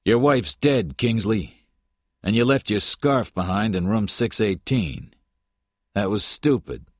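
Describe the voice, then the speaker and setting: A man's voice: fairly low pitch, lively intonation, slow pace, darkish tone, dry recording, clean studio sound, voice pushed up. A man reading aloud, voicing a hard, angry male police detective with a blunt, accusing manner.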